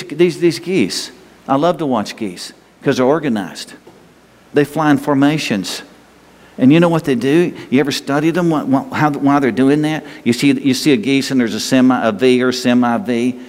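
A man's voice: mid-range voice, a little mellow. A man preaching a sermon as a pastor, folksy and rambling, with restarts and small chuckles. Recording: long hall reverb.

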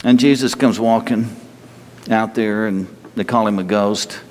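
A man preaching a sermon to a congregation, telling stories in an animated way and moving between loud bursts and quieter stretches. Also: lowish voice, unhurried. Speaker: pastor. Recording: long hall reverb.

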